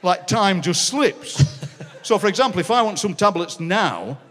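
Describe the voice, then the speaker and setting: Yorkshire man, 60s, high-ish voice, comic anecdotes on a live stage, reverberant hall. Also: unhurried. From Barnsley, Yorkshire. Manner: animated, laughing, dialect phrases. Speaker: guest poet. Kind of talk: comic storytelling on a live podcast. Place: city hall stage with audience.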